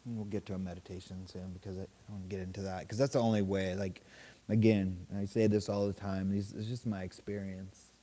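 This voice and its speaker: A man leading a meditation group, telling a story in a relaxed, casual way, swearing freely and laughing often. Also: sits low, fairly quick. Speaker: meditation teacher. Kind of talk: casual dharma talk.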